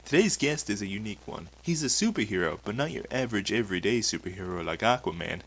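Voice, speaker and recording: A man's voice: fairly low pitch, expressive, fast, a bit bright, husky, poor audio. A man hosting a comedic mock talk show, asking questions in a flustered, patient way. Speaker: talk show host in a sketch.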